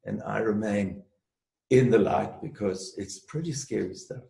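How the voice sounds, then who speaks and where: A man telling a personal story as a guest in an interview, in a measured storytelling way. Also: on the low side, vocal fry, dark tone, roomy sound, rough recording. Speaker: guest, space clearer and healer.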